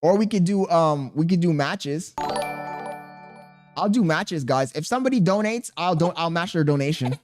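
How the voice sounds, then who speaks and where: Guy streamer, kinda high voice, cussing a lot, riffing on chat messages, slangy. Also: moderate pace, soft background music. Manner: profane, joking banter with chat; slangy and animated. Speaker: live streamer. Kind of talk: casual live-stream chat, reading chat aloud.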